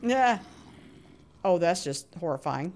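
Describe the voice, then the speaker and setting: A woman's voice: on the low side, takes it slowly, a little hiss or hum. A woman live-streaming her gameplay, chatting to viewers and greeting them by name, often laughing and humming little sound effects as she plays. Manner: chatty and expressive, hums little sound effects while playing; frequent laughs, jumps between hushed nervous asides and loud cheery greetings.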